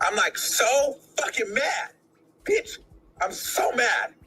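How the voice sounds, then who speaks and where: A man's voice: extremely high pitch, expressive, takes it slowly, pushed and bright, a little hiss or hum. A tearful, furious man venting in a profane, repetitive rant.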